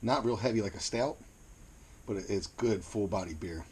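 A man with a Mid-Atlantic American accent reviewing beer in a casual video, plain-spoken and unhurried, repeating words as he searches for them. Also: on the low side, a little mellow, husky.

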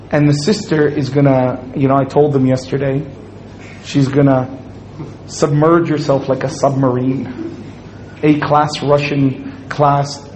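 A man's voice: a little high, darkish tone, a little hiss or hum, rough recording. A man giving a humorous Islamic lecture to an audience, joking and acting out little scenes as he speaks. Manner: joking, playful storytelling with acted-out quotes.

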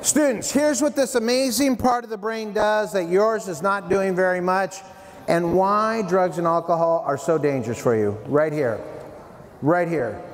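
A man giving a playful, animated prevention talk to middle schoolers at a school assembly, addressing them directly. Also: sits high, moderate pace. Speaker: youth prevention speaker. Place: middle school hall, indoors. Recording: long hall reverb, faint room noise.

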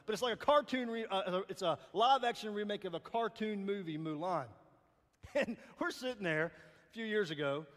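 A man in his forties with a Southern US accent, giving a playful, lively chapel sermon as guest speaker, joking and calling out to the crowd. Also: high-pitched. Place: large hall. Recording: long hall reverb.

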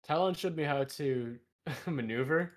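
A man's voice: fairly high pitch, a little slow. A man in a casual podcast chat, reacting with laughing exclamations.

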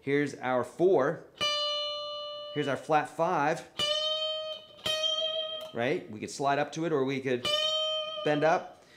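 A man teaching a live online guitar lesson, coaching in a relaxed, repetitive way and checking in often with the viewers. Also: a little high, takes it slowly, pauses often. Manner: relaxed, repetitive coaching with frequent "okay?" and "right?".

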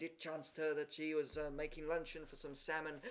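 A man's voice: fairly high pitch, flat delivery, normal speed, a bit bright. A man reading a story aloud, with occasional slips and restarts. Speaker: reader. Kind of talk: amateur audiobook reading.

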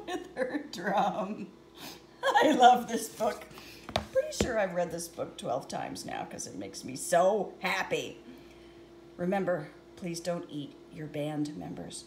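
A woman's voice: medium pitch, sing-song, slow, reverberant, background noise. A woman reading a picture book aloud, giggling often and adding chatty asides between pages.

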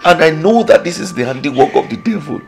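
A man's voice: a little high, lively intonation, fast, over music. A man playing a desperate pleading husband. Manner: pleading, emotional. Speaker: struggling husband. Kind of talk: Christian film drama acting.

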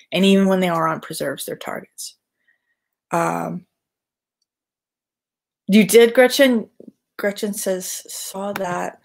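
Woman, lowish voice, husky, casual livestream chat, rambling with fillers. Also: a little mellow. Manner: rambling, with frequent fillers and restarts. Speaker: artist hosting a live chat.

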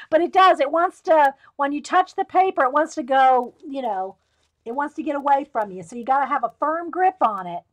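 A woman's voice: sits high, animated, moderate pace. A woman hosting a live coloring tutorial, chatting casually, laughing often and answering viewers by name. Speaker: coloring tutorial livestream host.

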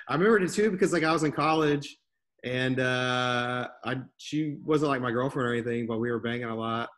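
A man's voice: medium pitch, moderate pace, fairly bright tone. Laid-back crude-talking man in his thirties. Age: 30s. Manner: laid-back, laughs often, drawling fillers. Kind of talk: casual crude chat.

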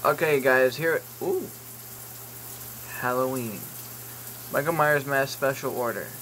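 A man with a mid-range, fairly bright voice talks slowly in a casual YouTube vlog, browsing online and reading listings aloud amid rambling jokes and occasional swearing. The low-quality recording has a faint hiss or hum.

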